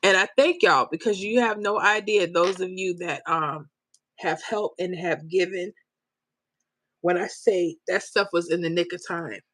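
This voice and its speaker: A woman's voice: lowish voice, measured pace, fairly bright tone, no echo. Emotional woman live-streaming. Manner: emotional, tearful at times, talks straight to viewers. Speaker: lottery numbers YouTube host. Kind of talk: live-stream chat reading comments.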